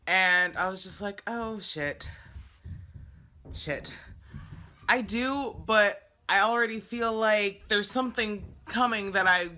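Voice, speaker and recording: A woman's voice: medium pitch, slow pace, slight background noise. A woman vlogger telling stories about her week, chatty and exasperated, her voice a little worn from singing karaoke the night before. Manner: chatty, animated, exasperated retelling. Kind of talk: casual storytelling vlog.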